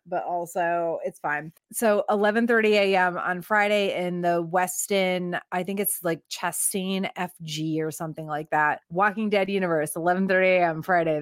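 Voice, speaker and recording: A woman's voice: fairly low pitch, no echo, studio quality. A woman co-hosting a casual chat, rambling and laughing as she talks through her panel schedule. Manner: giggly, rambling, laughs while talking. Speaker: podcast co-host and convention panelist. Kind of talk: casual chat among friends.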